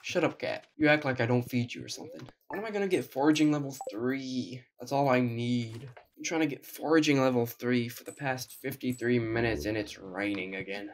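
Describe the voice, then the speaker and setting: Young dude cussing through a farm game, sarcastic, voice kinda strained. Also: male voice, mid-range voice, fairly quick, hardly any pauses, a little hiss or hum. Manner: sarcastic, profane, talks to himself. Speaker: gaming video creator. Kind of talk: casual gameplay commentary.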